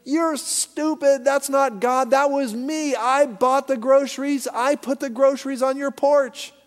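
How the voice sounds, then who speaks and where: A scornful, annoyed neighbor, played by a preacher, shouts in mockery, his voice pushed high and loud. The shouts bloom into a long hall reverb. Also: steady tone, measured pace. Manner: shouting, mocking.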